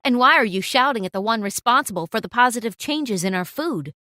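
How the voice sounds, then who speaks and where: A stern cafe owner lays down the law in a firm, scolding tone, voiced by a woman. The pitch sits fairly high and moves a lot, recorded close and dry for a storytime video. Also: animated, fairly quick, bright, forceful tone, no room sound. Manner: scolding, authoritative. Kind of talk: storytime narration.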